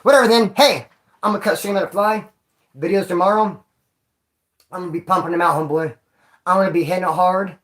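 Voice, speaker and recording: A man's voice: high voice, fast, long pauses, fairly bright tone. A man casually telling jail stories on his vlog, rambling and joking in street slang. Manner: rambling, slangy and joking, calls viewers homeboy and dog. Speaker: vlogger telling prison stories.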